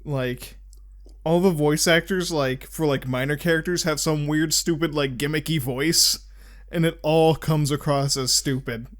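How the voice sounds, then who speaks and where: A man's voice: fairly high pitch, fairly even intonation, unhurried. A young man co-hosting a podcast, chatting casually in an enthusiastic, giggly and slangy way. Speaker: podcast co-host. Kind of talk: casual chat.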